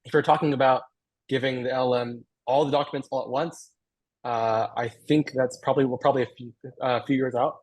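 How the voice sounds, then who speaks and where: A man's voice: mid-range voice, fairly even intonation, fairly quick, darkish tone, husky, poor audio. A man giving a technical talk, answering audience questions on a video call, hesitant and thinking aloud with fillers. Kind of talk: online Q&A after a technical talk.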